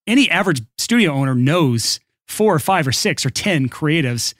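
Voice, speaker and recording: A man's voice: a little high, lively intonation, normal speed, a bit bright, no echo, clean studio sound. A man co-hosting a podcast, reading an upbeat ad and then chatting casually and joking with his co-host. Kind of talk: casual podcast chat and read ad.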